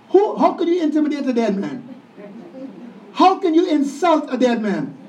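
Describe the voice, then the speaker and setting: A man's voice: extremely high pitch, a little mellow, slight background noise. A man preaching a sermon, emphatic, often calling out to the congregation for a response. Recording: roomy, distant, dull church sound.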